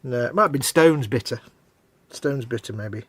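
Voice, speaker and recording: Husky man, relaxed co-host patter for a livestream, mid-pitched. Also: moderate pace, no room sound. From northern England. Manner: chatty, reads out viewer comments. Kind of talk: casual chat.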